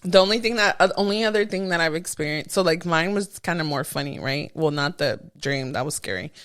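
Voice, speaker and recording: A young woman co-hosting a podcast, telling stories in casual chat, animated and often laughing. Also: low voice, fairly quick. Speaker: podcast co-host.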